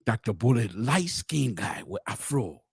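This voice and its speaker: A middle-aged man tells his story into a close mic, his pitch leaping and dropping as he goes. He stumbles into restarts and repeats, then bursts out loud before sinking back to a murmur. The sound is dry and near. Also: unhurried, creaky, slightly rough, no echo. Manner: animated, swings between loud exclamations and low murmurs; frequent restarts and repeated words. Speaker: podcast host. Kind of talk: storytelling commentary.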